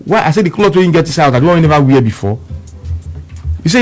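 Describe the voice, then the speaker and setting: A man's voice: a little high, lively intonation, rapid-fire, long pauses, darkish tone, faint music behind. A man speaking with a Nigerian Pidgin accent, telling a story on radio with emphatic repeats and quoted back-and-forth. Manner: emphatic, repeats words, quotes both sides of an argument.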